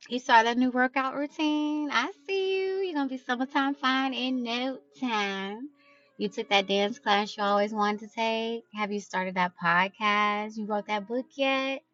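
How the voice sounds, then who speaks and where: A woman's voice: mid-range voice, fairly bright tone, lo-fi sound. A woman hosting her own podcast, chatting casually and gushing as she talks straight to her listeners. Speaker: podcast host. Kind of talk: casual solo podcast chat.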